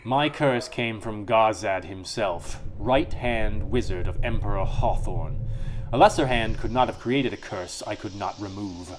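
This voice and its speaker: A cold, vengeful exiled sorceress from a fantasy game speaks in a slow, deliberate, menacing way, as a man reads her lines in his own low voice. A steady hiss of noise sits under the home recording. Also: natural voice.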